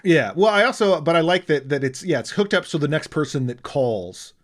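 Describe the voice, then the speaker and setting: A man co-hosting a podcast, chatting casually and retelling a film in a rambling, animated way. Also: on the high side, brisk. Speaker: podcast co-host. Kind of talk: casual chat.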